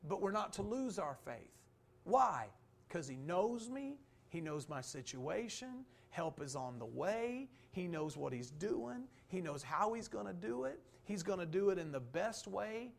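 Male pastor with a slightly high voice, fervent sermon delivery, rhetorical questions, soft low dips. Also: sing-song, unhurried, gravelly, hardly any pauses. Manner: rising to fervent emphasis, then dropping soft and low; rhetorical questions answered by himself.

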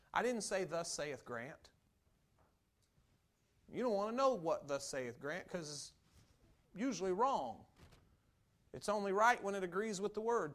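High-voiced preaching man, emphatic. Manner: conversational, building to loud emphatic preaching. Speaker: pastor. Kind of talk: sermon.

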